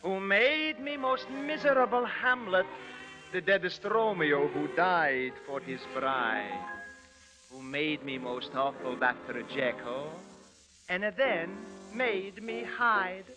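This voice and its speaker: Man, mock Russian accent, theatrical and pompous, high and lively, old radio recording with music. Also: slow pace, low-quality recording. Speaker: comedian host. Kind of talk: 1940s radio comedy acting.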